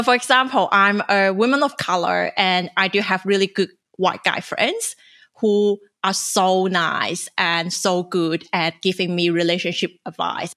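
A woman's voice: mid-range voice, a bit bright. A young woman hosting a casual discussion, earnestly asking questions and sharing personal stories. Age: young adult.

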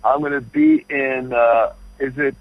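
A man's voice: mid-range voice, wildly swooping pitch, a little slow, gravelly, dry recording. A man, a comedian guest, telling rambling stories over the phone from an airport. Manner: rambling, full of restarts and storytelling. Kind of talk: phone interview chat. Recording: dull, dry phone line.

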